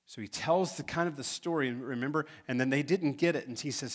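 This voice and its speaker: A man's voice: medium pitch, brisk, hardly any pauses, a bit bright. A man preaching a sermon as pastor, emphatic, building to urgent pleas.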